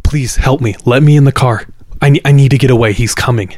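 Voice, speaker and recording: A man's voice: medium pitch, steady tone, moderate pace, a little mellow, dry recording, clean studio sound, close to an everyday voice. A man voicing a frantic young woman clutching a baby, pleading urgently and breathlessly.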